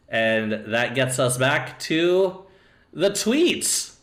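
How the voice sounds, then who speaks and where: A man's voice: fairly high pitch, sing-song, slow pace, roomy sound. A man streaming live, reacting in casual commentary with laughing asides and fillers.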